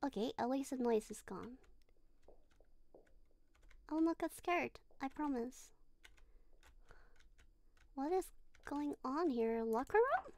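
A woman's voice: high-pitched, sing-song, slow, pauses often, darkish tone, a little hiss or hum. A woman streaming a horror game, not a native English speaker, talking nervously and swearing when startled. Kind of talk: live horror game playthrough.

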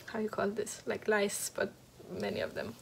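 A woman hosting a knitting podcast, chatting casually about her projects, halting with many fillers and restarts and a little out of breath. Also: mid-range voice, sing-song, vocal fry, slight background noise. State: slightly out of breath. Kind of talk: casual show-and-tell chat. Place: at home next to a heater.

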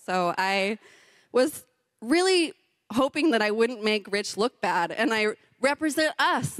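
Delivering a sermon, this middle-aged woman, a pastor's wife, shares a personal tale full of laughter and acted-out voices in an animated manner. She has a fairly high pitch, recorded dry at studio quality.

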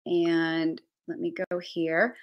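A woman's voice: lowish voice, completely flat delivery, takes it slowly, dull audio. A woman hosting a live-streamed budgeting tutorial from her basement, chatty and thinking aloud as she shares her screen. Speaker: travel budgeting host. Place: home basement.

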